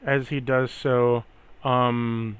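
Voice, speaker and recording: A man narrating a tabletop game as game master, in a relaxed, halting way. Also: medium pitch, clear, resonant tone.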